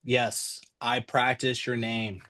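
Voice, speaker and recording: A man's voice: medium pitch, level tone, takes it slowly, bright, forceful tone. A man in his forties, a stadium announcer, chatting in an interview in a joking, easygoing way with many ums. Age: 40s. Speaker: public address announcer, guest. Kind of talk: casual interview chat.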